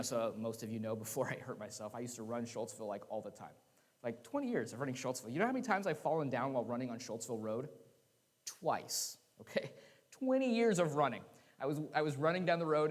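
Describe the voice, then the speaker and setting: Man preaching in a reverberant church. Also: mid-range voice. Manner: conversational, laughing asides, acted quotes. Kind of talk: sermon. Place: church sanctuary.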